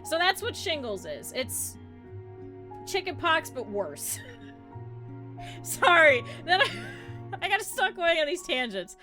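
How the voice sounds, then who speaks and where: A woman's voice: very high voice, very animated, slow, pauses often, bright, forceful tone, soft background music. A woman streaming a game, chatting casually and rambling through giggly stories on tangents. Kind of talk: casual live gameplay chat.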